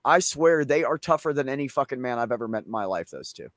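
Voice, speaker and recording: A man's voice: mid-range voice, animated, fast talker, fairly bright tone, no echo, clean studio sound. A man hosting a casual chat show, telling long rambling family stories with plenty of swearing. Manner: profane, rambling anecdotes. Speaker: show host.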